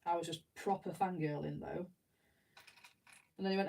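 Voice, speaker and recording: This streamer, a middle-aged woman with an English accent, tells meandering tales and laughs often while building. She speaks fairly low and fairly fast, with a gravelly, darkish voice and frequent pauses. The poor recording places her far from the mic.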